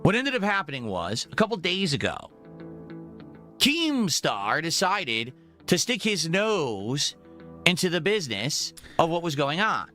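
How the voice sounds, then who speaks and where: A man on a live stream delivers a repetitive, self-assured rant. His voice sits a little high and comes out bright and forceful, pushing every point home. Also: very animated, a little slow, faint music behind. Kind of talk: ranting stream monologue.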